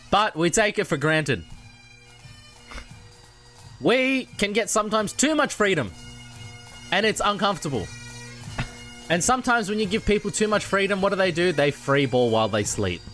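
An Australian podcast co-host chatting with friends. His voice sits a little high and swings widely in pitch. The tone is bright and punchy, and he cracks jokes and laughs readily. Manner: animated, jokey, laughs often. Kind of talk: casual chat.

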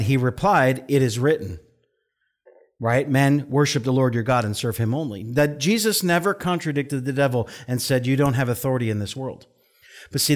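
A middle-aged man, a pastor, preaching in a chatty storytelling way, his voice jumping up for quoted outbursts and dropping soft and low on serious points. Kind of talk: conversational sermon.

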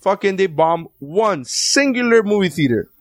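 Guy in his 30s ranting and swearing on a podcast, kinda high voice, dry close mic. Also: normal speed, dry recording. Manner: profane, animated ranting. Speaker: podcast co-host. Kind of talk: casual podcast chat.

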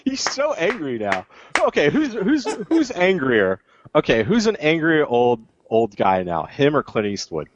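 A man's voice: a little high, wildly swooping pitch, unhurried. A man hosting a podcast, who chats casually and playfully reads out news items. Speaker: podcast host. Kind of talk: casual chat. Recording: slightly dull lo-fi audio.

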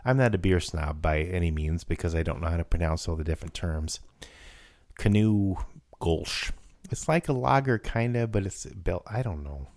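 Man, lowish voice, podcast co-host, joking and self-deprecating, halting, dry close sound. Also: darkish tone, no echo. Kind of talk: casual chat.

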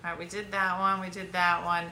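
Lady host running a silly trivia game, teasing, super bright voice, echoey room. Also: fairly low pitch, level tone, a little fast, slight background noise. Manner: teasing, laughs often. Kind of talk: playful trivia game chat.

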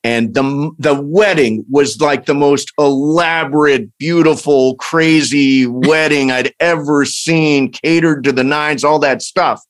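A man reminiscing about his childhood in casual conversation, relaxed and full of fillers. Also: fairly high pitch, takes it slowly, few pauses. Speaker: conversation partner.

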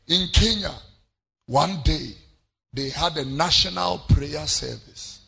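A man with a Ghanaian accent preaching a sermon, repeating his phrases and breaking into sudden shouts. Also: on the high side, slow, gravelly, husky, faint music behind. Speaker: pastor.

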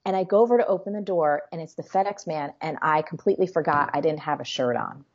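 A woman hosting a show and telling stories in an animated, chatty way, acting out quotes as she goes. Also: sits low, quick pace. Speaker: show host and business coach. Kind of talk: conversational storytelling. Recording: slightly muffled lo-fi audio.

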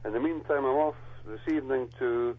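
A man's voice: mid-range voice, a little fast. An older man, an author guest on a radio show, talking in a casual, rambling way and stumbling over repeated words, heard over a phone line.

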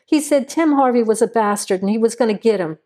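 Woman voicing a defensive young woman under questioning, sharp replies, dark mellow tone. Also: a little high, lively intonation, fast talker. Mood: reluctant.

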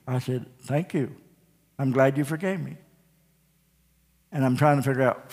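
A man's voice: medium pitch, normal speed. A man preaching a sermon in a church, telling folksy stories and joking with his congregation before calling them to the altar. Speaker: pastor. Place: church sanctuary. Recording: live church sound with long reverb and faint guitar.

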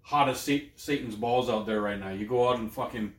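A man's voice: medium pitch, brisk. Young man, casual co-host, crude jokes, laughs a lot, mid-range voice, roomy echo. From Canada. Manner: crude, joking, laughs often. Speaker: podcast co-host. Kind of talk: casual chat.

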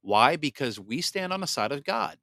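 A man's voice: mid-range voice, sing-song, normal speed, bright, forceful tone, no room sound. A man hosting a talk podcast, ranting in a fiery, preachy way. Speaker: podcast host. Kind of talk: animated talk show monologue.

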